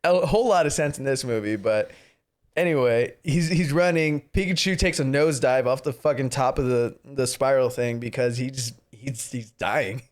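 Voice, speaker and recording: A man's voice: medium pitch, moderate pace. A man co-hosting a podcast, casually retelling a movie with lots of laughter and swearing. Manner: laughs often, swears freely, rambling retelling. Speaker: podcast co-host. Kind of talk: casual movie recap chat.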